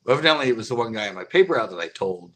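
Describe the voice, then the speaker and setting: A man's voice: fairly low pitch, very fast. Rambling man telling a story on a livestream. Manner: rambling, animated retelling with lots of fillers. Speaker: fishing channel host.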